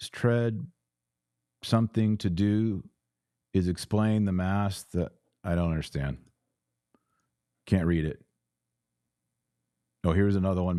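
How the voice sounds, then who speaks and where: A man's voice: low-pitched, warm tone, dry recording, clean studio sound. A man hosting a livestream, reading viewer comments aloud and answering them in an earnest, emphatic way that often repeats phrases. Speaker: host reading super chats.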